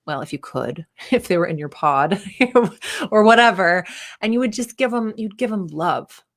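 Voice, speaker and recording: A woman's voice: mid-range voice, expressive, measured pace. A woman in her thirties, a performance coach, giving a candid, casual talk and acting out the voices of people she quotes.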